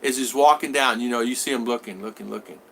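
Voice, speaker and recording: A man's voice: mid-range voice, quick pace, creaky, fairly bright tone, slight background noise. A man vlogger chatting casually on a live stream, telling rambling stories and acting out the people in them. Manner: rambling storyteller who acts out voices.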